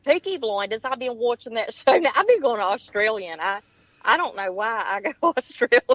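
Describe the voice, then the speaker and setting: A woman's voice: fairly high pitch, sing-song, moderate pace, a bit bright, dry recording, rough recording. A woman with a Southern American accent, chatting on a radio show as a guest, giggly and talkative. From Georgia, USA. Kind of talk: casual radio chat.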